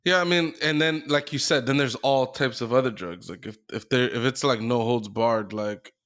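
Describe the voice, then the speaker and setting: A man's voice: medium pitch, normal speed, a bit bright. Rambling man in a casual podcast chat. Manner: rambling, filler-heavy, profane. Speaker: podcast co-host.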